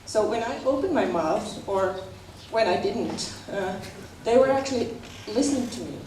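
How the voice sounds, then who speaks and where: An earnest woman speaking on a conference panel, halting now and then. She is heard from a distance in an echoey hall, with faint noise underneath. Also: medium pitch, expressive, darkish tone. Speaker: panelist, club member.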